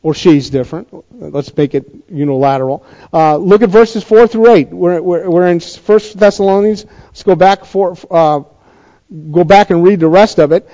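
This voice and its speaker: A pastor delivers a sermon in a notably high voice, talking to his congregation and asking rhetorical questions before rising to emphatic points. The recording is slightly dull and lo-fi. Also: normal speed, dark tone. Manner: conversational preaching with rhetorical questions and emphatic rises.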